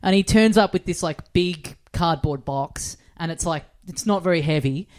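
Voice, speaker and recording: A woman's voice: on the low side, normal speed. A woman telling a funny story on a casual podcast, acting out the voices of the people in it. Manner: animated storyteller, acts out quoted voices. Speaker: podcast guest.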